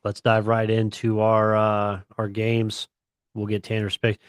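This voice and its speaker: A man's voice: fairly low pitch, completely flat delivery, unhurried, smooth, no echo. A man co-hosting a sports radio talk show, chatting casually and slangily about college football and picks. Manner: laid-back, chatty, slangy.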